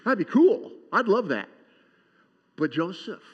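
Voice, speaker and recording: A man with a fairly high voice preaches a sermon in a loose, joking style and keeps checking in with the congregation. The sound is dull and muffled. A long reverb rings around his words, as in a large church. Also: very animated, a little slow, slightly rough. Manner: conversational and joking, asks the congregation for responses. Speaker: pastor.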